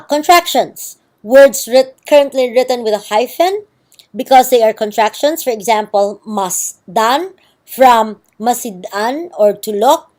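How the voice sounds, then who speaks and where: A woman's voice: fairly high pitch, darkish tone. A woman with a Filipino accent giving a university lecture, explaining step by step and often checking in with "okay" and "right".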